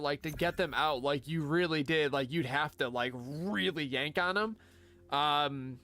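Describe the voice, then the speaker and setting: A man's voice: fairly high pitch, fairly bright tone, a little hiss or hum. Rambling young man streaming a game. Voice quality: rambling, full of fillers and asides. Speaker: livestreamer. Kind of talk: casual chat while gaming.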